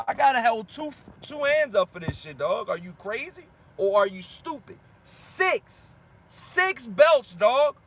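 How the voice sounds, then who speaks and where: A man's voice: very high voice, pushed and bright. A male boxing channel host ranting at viewer comments, fired-up and slangy, repeating himself for emphasis. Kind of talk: heated rant answering viewer comments.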